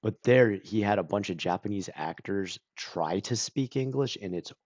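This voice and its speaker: A man chatting casually on a stream, rambling with lots of "like" and clearing his throat and coughing now and then. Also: fairly low pitch, lively intonation, moderate pace, darkish tone, no echo, muffled recording. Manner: rambling, full of "like" and self-corrections.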